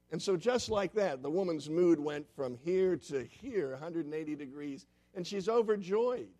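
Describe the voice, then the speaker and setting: A man's voice: fairly high pitch, normal speed, hardly any pauses. A man preaching a sermon as a pastor, telling stories and acting out quoted voices. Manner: storytelling with lively quoted voices.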